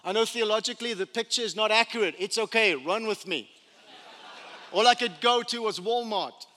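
A man preaching a sermon as pastor, telling the story with animated energy and humorous asides. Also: high voice, moderate pace. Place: church sanctuary. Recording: long church hall reverb.

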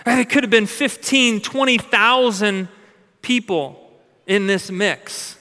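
A man preaching a sermon, telling stories with lively repeated stammered starts, jet lagged and emotional. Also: sits high, slow pace. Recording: long hall reverb.

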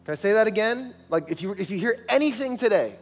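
A man's voice: high voice, lively intonation, quick pace, long reverb tail, faint music behind. A man preaching a sermon as pastor, emphatic and calling on the congregation for responses, in a large church sanctuary.

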